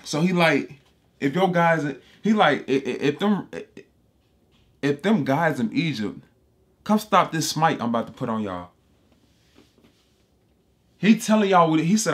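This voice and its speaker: A man explains scripture in a laid-back yet emphatic way, repeating points, speaking in street slang and calling people "bro." His voice is a little high, expressive and a bit bright, and he talks a little slowly with long pauses. He is a Bible teacher.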